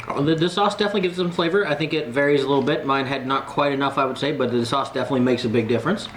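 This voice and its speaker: A man's voice: mid-range voice, racing, fairly bright tone, a little hiss or hum. Easygoing man reviewing food. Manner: easygoing, joking.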